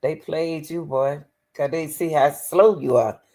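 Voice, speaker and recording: A woman hosting a live-stream reaction commentary, exclaiming and laughing often. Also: a little slow. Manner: exclaims and laughs often, animated pitch, calls on the Lord. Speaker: commentary show host.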